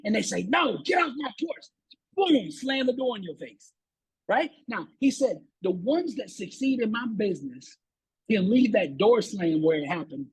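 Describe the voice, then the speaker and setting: A man's voice: high-pitched, slightly rough, rough recording. Fired-up man telling a motivational story. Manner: animated, preachy, repeats words when fired up. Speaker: motivational speaker guest.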